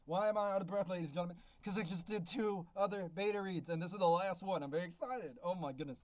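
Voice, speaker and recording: An excitable man out of breath, hosting a casual vlog where he beta-reads a manuscript and exclaims often. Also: high-pitched, quick pace, no echo. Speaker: beta reader and self-published author. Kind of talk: casual reading review vlog.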